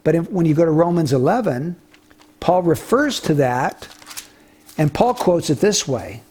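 A man's voice: a little high, animated, a little slow, a little mellow, slightly rough. A man preaching an expository sermon, retelling a story in an earnest way with small restarts.

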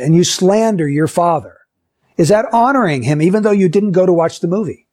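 A man's voice: high-pitched, expressive, brisk, a little mellow. A man teaching a Bible lesson to children, asking them questions and acting out short everyday scenes. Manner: asks the listeners questions and acts out short scenes.

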